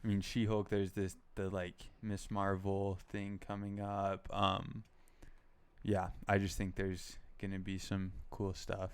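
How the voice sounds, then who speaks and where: A man's voice: deep voice, monotone, takes it slowly, clean tone. A young man co-hosting a casual pop culture podcast, rambling with lots of "like" and "um". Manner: rambling, heavy use of "like" and "um". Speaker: podcast co-host.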